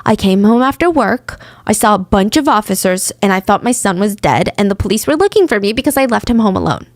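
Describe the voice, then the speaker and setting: A woman's voice: medium pitch, animated, fairly quick, no room sound, clean studio sound, close to an everyday voice. A woman voicing a nervous, talkative woman suspect who rattles off excuses in a plain voice. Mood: defensive.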